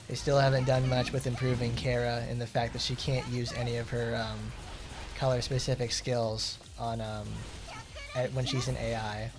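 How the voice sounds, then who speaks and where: A man's voice: mid-range voice, little pitch movement, normal speed, over music. A man streaming a game and chatting casually, rambling with lots of fillers and blunt, profane asides. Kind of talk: casual gameplay commentary.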